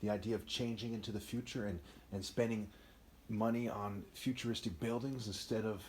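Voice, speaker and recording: A man's voice: lowish voice, steady tone, fairly quick, darkish tone, a little hiss or hum. A man giving a rambling, emphatic unscripted monologue, often tossing in "right?" asides.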